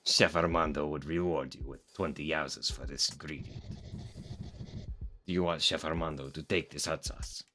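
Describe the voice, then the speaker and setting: A man's voice: on the low side, fast talker, hardly any pauses, bright, forceful tone, a little hiss or hum. A man playing a pompous demon chef. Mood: gloating. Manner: grandiose, speaks of himself in the third person. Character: pompous male demon chef, theatrical and grand. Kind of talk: voicing game characters on a stream.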